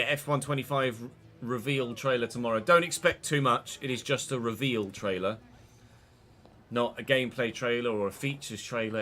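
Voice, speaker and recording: A young man streaming live, chatting through his football game and breaking into excited shouts between muttered asides. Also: medium pitch. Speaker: gaming streamer.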